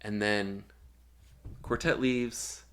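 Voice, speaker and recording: Young man, lowish voice, chatty storyteller, swears freely, heavy on fillers. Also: extremely slow. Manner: animated, profane anecdote telling with filler words. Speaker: guest musician. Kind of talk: casual storytelling chat.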